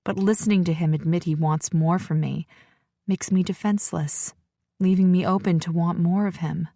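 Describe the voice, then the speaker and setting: Low-voiced female audiobook narrator. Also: steady tone, moderate pace, vocal fry, warm tone, no room sound, clean studio sound. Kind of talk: scripted romance audiobook narration.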